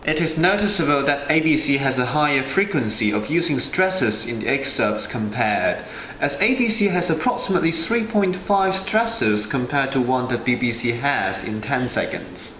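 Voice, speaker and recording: A male student presenter reading a scripted analysis in a measured way. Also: medium pitch, sing-song, slight background noise. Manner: reads a prepared analysis in a measured way. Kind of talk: scripted narration. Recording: roomy, slightly dull sound with faint ambience.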